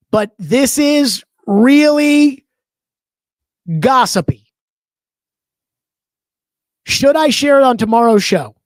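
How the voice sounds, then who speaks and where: A man's voice: extremely high pitch, dry recording. A man hosting a sports talk show, giving opinionated commentary in an emphatic, conversational way and stretching out key words.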